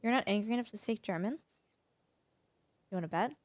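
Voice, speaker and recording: A woman's voice: medium pitch, brisk, no echo. A woman streaming a farming game, chatting casually and playfully teasing her viewers. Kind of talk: casual live-stream chat while gaming.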